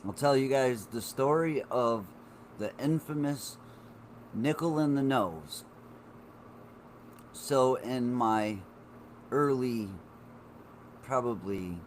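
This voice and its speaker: Chatting casually on a live stream, a man in his forties rambles and swears at his viewers in an animated way, though he speaks extremely slowly and pauses often. His medium-pitched voice has a darkish tone, with slight background noise behind it.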